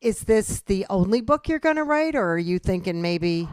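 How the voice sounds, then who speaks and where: A woman's voice: mid-range voice, lively intonation, moderate pace, darkish tone, clean tone, no room sound, studio quality. A woman hosting an author interview, chatty and encouraging as she asks questions. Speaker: interview host.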